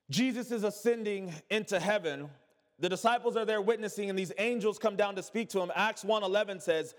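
Male pastor, high voice, emphatic call-and-response preaching, echoey church hall. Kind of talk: sermon. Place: church sanctuary.

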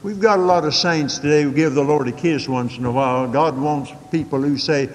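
An older man preaching a sermon, telling folksy stories with dramatic swings from quick asides to slow, drawn-out emphasis. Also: big-room sound. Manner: folksy storytelling with dramatic swings in pitch and pace.

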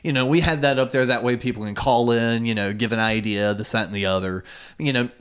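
A man hosting a podcast in casual chat, telling stories with lively swearing and laughter. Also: medium pitch, a little fast, smooth. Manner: animated, swearing, laughing storyteller. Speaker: podcast host.

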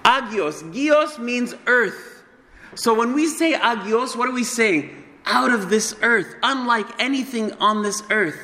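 High-voiced preacher in a reverberant hall. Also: male voice, lively intonation, pushed and bright. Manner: impassioned, swings between fast bursts and slow solemn stresses. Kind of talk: sermon.

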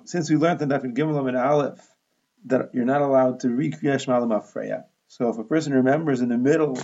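A man's voice: mid-range voice, vocal fry, darkish tone, highs cut off. A man teaching a Talmud lesson, explaining steadily and methodically, with Hebrew and Aramaic terms mixed into his English.

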